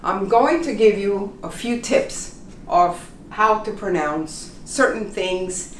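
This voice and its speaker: A woman teaching pronunciation, repeating example phrases slowly and checking in with "okay?". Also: medium pitch, lively intonation, roomy sound, distant mic, slight background noise. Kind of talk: slow, deliberate classroom instruction.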